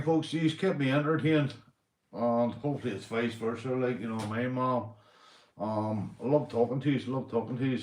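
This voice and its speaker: In an echoey room, a fairly low-pitched Northern Irish man hosts a laid-back livestream while tipsy from a few beers. He rambles to his viewers, swearing and laughing often.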